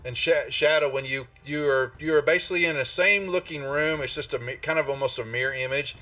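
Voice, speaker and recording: A man narrating as game master in a tabletop game, speaking in a halting way with many restarts. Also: a little high, pushed and bright, no room sound, recorded from a distance, soft background music.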